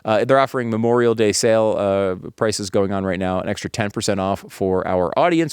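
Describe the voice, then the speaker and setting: A man's voice: a little fast, few pauses, clear, resonant tone, no echo, studio quality. A man co-hosting a casual comedy talk podcast, joking around and reading a sponsor ad. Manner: bouncy, often jumps high in pitch when joking. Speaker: co-host. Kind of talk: casual comedic chat with ad read.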